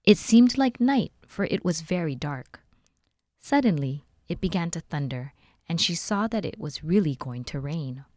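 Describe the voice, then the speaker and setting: A woman from a library volunteer group reading a children's book aloud, with clear and expressive narration. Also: low voice, moderate pace, no echo, studio quality. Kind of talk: storybook read-aloud.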